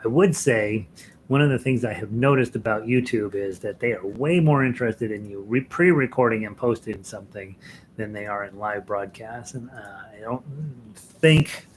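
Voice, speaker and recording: A man's voice: fairly low pitch, moderate pace, slight background noise, low-quality recording. An American man hosting a live ukulele lesson stream, chatting casually with viewers, chuckling often and rambling with fillers and restarts. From United States.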